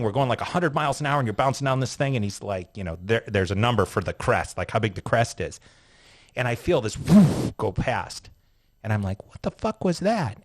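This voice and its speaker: A man, a retired sports car driver, telling a story as a guest in a casual interview, swearing freely and acting out what people said. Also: mid-range voice. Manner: profane, animated storyteller acting out quotes.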